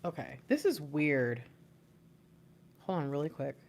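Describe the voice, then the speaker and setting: A young woman giving a live intuitive tarot reading into a plugged-in microphone, excitable and often repeating herself. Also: low voice, a little slow. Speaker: tarot reader.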